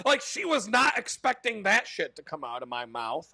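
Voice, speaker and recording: A man rattles off a brash, foul-mouthed story and laughs at his own punchlines. His voice sits high and bright. The mic is close and dry, with no room sound at all. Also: huge pitch swings, unhurried, pauses often, breathy edge, no echo. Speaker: podcast host. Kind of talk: casual profane storytelling monologue.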